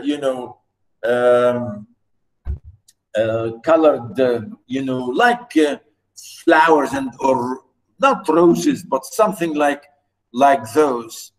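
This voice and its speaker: Slow, high-voiced male lecturer. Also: a little mellow, low-quality recording. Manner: slow, repetitive, with many fillers and restarts. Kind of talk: classroom lecture on poetry.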